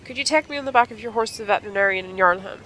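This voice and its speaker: A woman voicing an injured young woman rider, reading game dialogue aloud in a lively, upbeat voice. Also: mid-range voice, very fast, a little hiss or hum, pitched above the performer's own voice, natural voice, rough recording. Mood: chatty.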